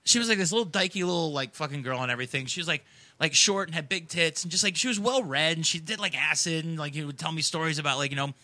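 A man with a keen, sharp-edged voice pitched a little above most men's races through a rambling story. He swears constantly and leans hard on fillers, and the sound is close and dry. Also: quick pace, dry recording. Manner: profane, rambling, heavy on fillers. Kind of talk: casual storytelling.

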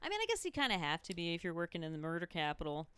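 A woman telling a story in casual chat, acting out her own lines in a high, flustered voice. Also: huge pitch swings, racing, a bit bright, smooth, dry recording.

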